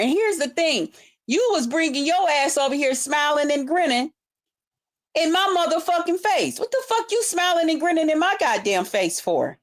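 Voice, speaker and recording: A woman vlogger delivering a confrontational, heavily profane monologue, repeating herself for emphasis. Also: sits high. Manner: profane, confrontational, heavy swearing; repetitive, emphatic. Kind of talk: casual ranting monologue.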